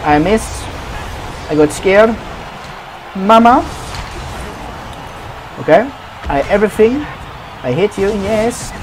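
A man's voice: sits high, animated, moderate pace, long pauses, background noise. Man swearing through game commentary. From Sweden. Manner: swears a lot, trash-talks opponents. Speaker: gaming commentator. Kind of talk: profane gameplay commentary.

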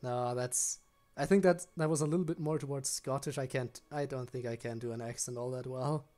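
A man's voice: mid-range voice, fairly even intonation, fairly quick, dark tone, soft background music. A young man chatting casually with his viewers while he streams a game. He rambles, often restarts his sentences and answers questions from chat.

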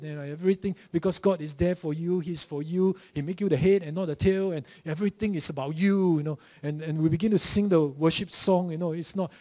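A male pastor with a Malaysian English accent delivers a sermon in a church, his voice slightly high. He tells stories vividly and acts out the voices of mockers. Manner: animated storytelling, acting out mocking voices.

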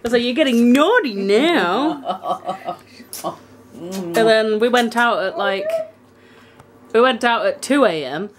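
A woman's voice: fairly high pitch, unhurried, pauses often, a little hiss or hum. A young woman vlogging at home, gushing in baby talk at her pet dog with gasps and giggles, filmed on a handheld camera. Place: at home indoors. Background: dog sounds.

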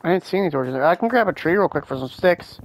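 An adult gamer in an easygoing voice-chat, mid-pitched and unhurried. Tells little anecdotes and laughs along between game remarks. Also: creaky, slight background noise. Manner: relaxed, laughs at own stories. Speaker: gamer co-player. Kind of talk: casual gaming chat.

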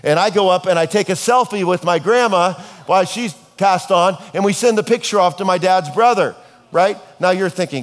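A middle-aged man preaching a sermon as a pastor, talking in a casual, conversational way and telling stories with dark humor. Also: high-pitched, moderate pace, faint music behind. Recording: long reverb of a hall.

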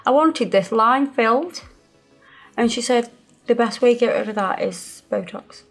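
A woman's voice: a little high, measured pace, faint music behind. A woman from the English Midlands with a slight lisp, chatting as she walks through a nail tutorial. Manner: chatty, explains steps as she works. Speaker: nail technician and channel host. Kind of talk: chatty tutorial while working.

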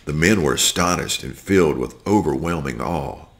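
A man reading a scripture story aloud, slow and deliberate with occasional slips. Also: rumbling low, vocal fry, a bit bright. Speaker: scripture reader.

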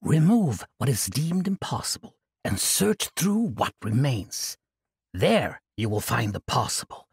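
A man's voice: medium pitch, sing-song, measured pace, creaky, slightly rough, no echo, studio quality, heavily acted. A man voicing an eccentric, mischievous ancient male monk who talks in a playful, grandiose way. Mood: whimsical.

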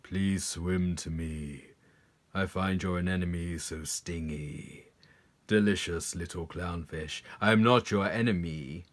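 Man putting on a deep slow sweet-talking fish that wants to eat you, storybook villain. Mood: coaxing. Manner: slow, oily and coaxing. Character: smooth-talking hungry predator fish.

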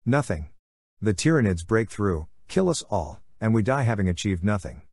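A man's voice: fairly low pitch, sing-song, moderate pace, a little mellow, husky, no echo, studio quality, exaggerated voice. A man voicing an earnest, hopeful young female scholar who talks in a pleading way.

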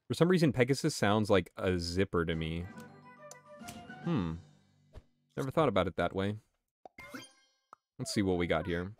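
A man's voice: deep voice, animated, measured pace, pauses often, soft background music. A man streaming a game, talking casually and swearing while he answers his chat. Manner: chatty and profane, answering chat. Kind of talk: casual gameplay commentary.

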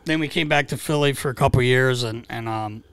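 A man's voice: medium pitch, brisk, vocal fry, clear, resonant tone, dry recording. A middle-aged man in his fifties with an ordinary mid-range voice. He rambles through stories with casual swearing, recorded close and dry. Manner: rambling, profane storytelling. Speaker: podcast co-host. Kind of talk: casual podcast chat.

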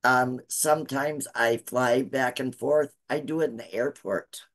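A woman's voice: rumbling low, fairly even intonation, measured pace. A woman in her sixties on a video call, giving an earnest, teary testimonial and urging listeners to follow along. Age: 60s. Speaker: guest student sharing success story. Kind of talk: emotional testimonial on a live call.

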